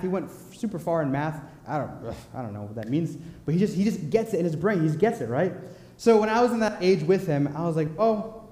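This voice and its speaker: Young guy preaching, slightly high voice, jokey storyteller, big echoey church. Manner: storytelling, animated and joking. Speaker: pastor. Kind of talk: sermon.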